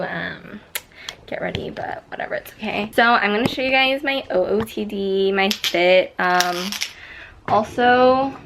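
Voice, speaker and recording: A woman's voice: medium pitch, a bit bright, slight background noise. A young woman vlogging at home, telling a story in a chatty, casual way, filling her talk with "like" and "you know.". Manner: chatty, many "like" fillers, re-enacts her own screams.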